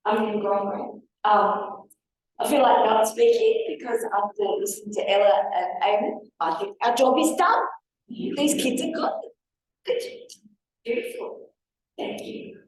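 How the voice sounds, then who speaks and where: A woman's voice: mid-range voice, expressive, measured pace, a little hiss or hum. Woman, storytelling talk, distant mic, very echoey hall. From Australia. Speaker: panel speaker. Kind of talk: personal talk at a public forum. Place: large hall with audience.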